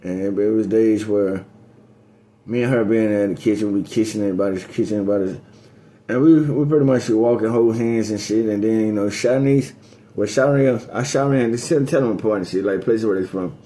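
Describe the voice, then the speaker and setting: A man in a rambling, casual monologue, telling a loose, profane story that drifts between topics and climbs higher when he gets going. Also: brisk. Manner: rising pitch on excited story beats.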